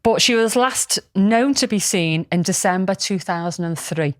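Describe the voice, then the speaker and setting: A woman's voice: mid-range voice, normal speed, dry recording, clean studio sound. A woman, casually telling a story on a podcast, rambling with lots of ums and restarts. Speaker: podcast co-host.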